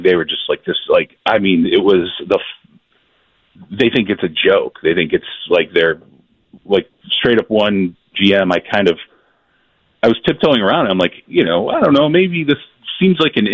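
A man's voice: fairly low pitch, dry recording. A man, a football reporter in a casual sports interview, rambling and laughing as he retells conversations. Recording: dull lo-fi sound.

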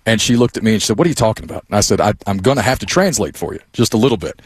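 A man's voice: fairly low pitch, expressive, racing, breathy edge, no room sound. A man from the Blue Ridge Mountains, guest co-hosting a sports radio show in casual chat. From Blue Ridge Mountains, US South. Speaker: guest co-host.

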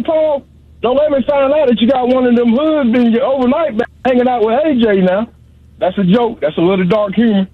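A man's voice: very high voice, no room sound. A man calling in to a radio show, teasing and trash-talking in a rambling way. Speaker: caller. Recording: tinny dry phone line.

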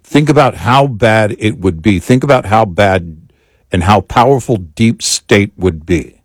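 A man co-hosting a political talk show, talking in an agreeable, steady way. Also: lowish voice, a little slow, no room sound.

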